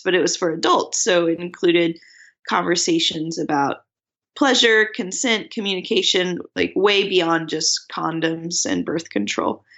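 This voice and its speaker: Gravelly-voiced woman on a dull remote line. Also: lowish voice, fairly bright tone. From Tennessee, USA. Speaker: startup founder, guest. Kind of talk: remote interview.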